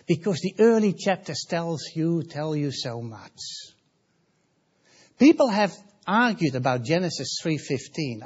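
A male preacher with a high, lively voice who speaks slowly and emphatically, repeating key words and asking his congregation questions. The recording sounds dull and lo-fi. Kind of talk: sermon.

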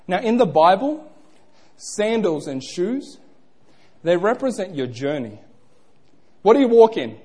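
Young male preacher, husky voice with a very lively pitch, playful and chatty with his congregation. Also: measured pace, pauses often. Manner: playful, interactive, asks the crowd questions. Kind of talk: sermon.

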